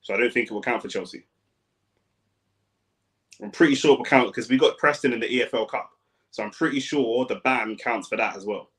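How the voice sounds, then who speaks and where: Commentating on a football match for his stream, a young fan speaks casually with plenty of slang and abrupt shouts. He talks fairly quickly at medium pitch and pauses often.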